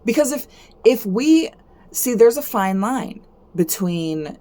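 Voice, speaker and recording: A woman hosting a card-reading stream, giving a casual motivational talk. She keeps asking "right?", repeats herself, and her voice jumps up high when she gets animated. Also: slow pace.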